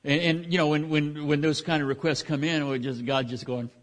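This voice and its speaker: A man's voice: a little high, flat delivery, fairly quick. A man teaching from the Bible in a casual, folksy way, with many restarts and fillers, speaking in a church. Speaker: pastor.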